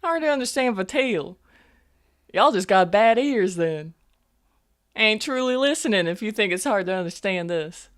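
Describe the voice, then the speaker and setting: A woman's voice: mid-range voice, animated, moderate pace, clean tone, voice pushed up, close to an everyday voice. A woman playing a young half-elf army medic in a tabletop role-play, talking in a folksy drawl full of "y'all" and "ain't". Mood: sassy.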